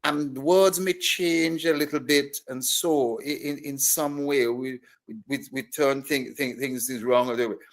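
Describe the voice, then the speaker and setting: A man's voice: mid-range voice, fairly even intonation, a little slow. A man speaking as a radio guest, often repeating and restarting his words as he thinks. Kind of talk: discussion on radio.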